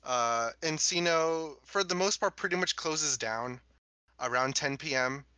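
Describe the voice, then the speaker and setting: A young man chatting casually as a podcast co-host, laid-back with lots of fillers and quick bursts of speech. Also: fairly high pitch, pushed and bright, clear, resonant tone, no room sound, poor audio. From Los Angeles area. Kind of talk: casual chat.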